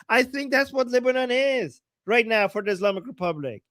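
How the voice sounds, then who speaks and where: A woman's voice: on the high side, expressive, brisk, hardly any pauses, a bit bright, dry recording. A woman co-hosting a livestream, commenting casually and animatedly, often laughing and mimicking voices. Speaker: livestream co-host.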